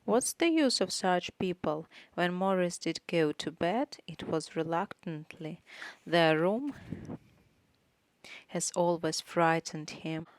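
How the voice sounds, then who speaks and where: A woman reading a novel aloud in a measured, even way. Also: lowish voice. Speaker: audiobook reader. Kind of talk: audiobook narration.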